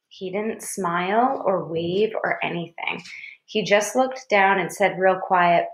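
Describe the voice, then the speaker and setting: A woman narrating a children's novel in a measured storytelling voice. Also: lowish voice. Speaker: audiobook reader. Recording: roomy echo.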